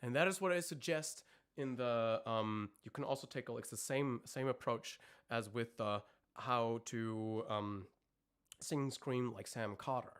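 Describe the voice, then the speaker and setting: A man's voice: medium pitch, measured pace, fairly bright tone, smooth. A man giving a live-streamed vocal lesson, explaining technique in detail and breaking into sung notes and screamed demonstrations. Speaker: vocal coach.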